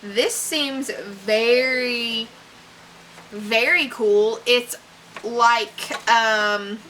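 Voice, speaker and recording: Speaking extremely slowly in a slightly high, bright, and forceful voice, a book unboxing vlogger chats casually and gushes over her haul. This young woman fills her talk with fillers and small laughs, reading blurbs aloud, on a rough recording with a bit of hiss or hum.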